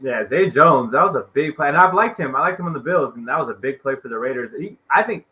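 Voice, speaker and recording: A man co-hosting a casual livestream chat, talking quickly and laughing along. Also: on the high side, expressive, highs cut off. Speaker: co-host.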